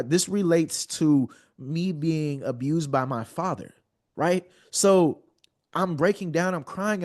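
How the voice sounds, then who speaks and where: A man in his thirties, a podcast guest, speaking earnestly and often repeating words as he builds a point. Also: a little high. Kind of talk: heartfelt conversational storytelling.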